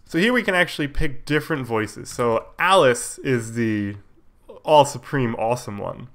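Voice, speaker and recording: A man who has a cold, coughing now and then, walks through code on a casual live stream in a mid-range voice at a moderate pace. He explains each step as he types, relaxed and easygoing, with lots of fillers, while keyboard clicks sound in the background.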